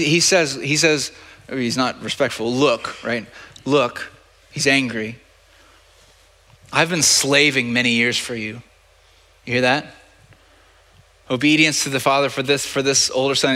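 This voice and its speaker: In a church sanctuary, a male pastor with a medium-pitched, sharp voice preaches conversationally, often stumbling and repeating words. The long reverb of the church hall fills the recording.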